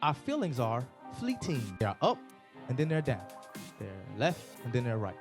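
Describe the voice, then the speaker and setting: A man preaching a sermon as a pastor, animated and conversational, moving between loud emphatic peaks and quiet, hushed scripture reading. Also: mid-range voice, moderate pace, over music. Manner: casual conversational asides to the congregation.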